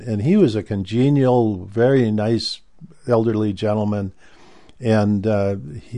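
Older man with a mellow, low voice. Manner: rambling, halting storytelling with many restarts. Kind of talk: casual spoken recollection.

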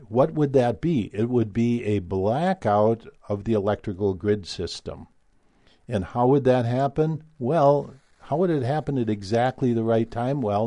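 A man's voice: fairly low pitch, mellow, no echo. A man giving an opinionated, rambling monologue with many fillers and restarts. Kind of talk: casual monologue.

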